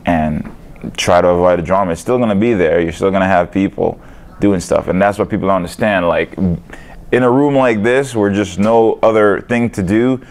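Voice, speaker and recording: Very deep-voiced man, relaxed and rambling. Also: moderate pace. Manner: relaxed, rambling, says "man" and "you know" often. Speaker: fighter being interviewed. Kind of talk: casual interview.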